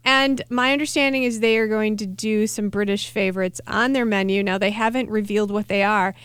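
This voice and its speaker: A woman's voice: medium pitch, normal speed, a bit bright, clean tone, no room sound. A woman co-hosting a casual radio food chat, wry and chatty, often restarting her sentences. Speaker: co-host, food writer.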